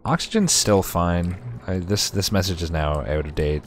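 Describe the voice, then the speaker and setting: A man's voice: deep voice, moderate pace, a little hiss or hum. A man streamer giving casual gameplay commentary, chatty and sarcastic with himself, swearing often.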